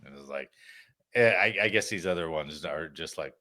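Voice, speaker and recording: A man's voice: very deep voice, moderate pace. A man hosting a weekly news and variety podcast, telling a story in casual chat and swearing freely. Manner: profane, animated storytelling. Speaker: podcast host.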